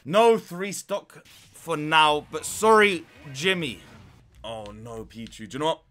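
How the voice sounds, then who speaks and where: A young man commentating his own online matches, swinging from muttered grumbles to sudden shouts. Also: fairly high pitch, slow pace. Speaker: gaming YouTuber. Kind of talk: live gameplay commentary.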